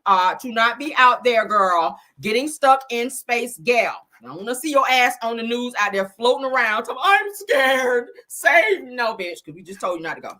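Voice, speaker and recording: A woman hosting a casual gossip show, loud, laughing and full of slang as she teases. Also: fairly high pitch, moderate pace, hardly any pauses. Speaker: show host.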